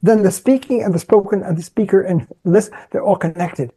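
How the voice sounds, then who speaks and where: A woman's voice: mid-range voice, a little fast, mellow, husky. A woman speaking as a podcast guest in an impassioned philosophical discussion, emphatic and preaching, repeating words for stress.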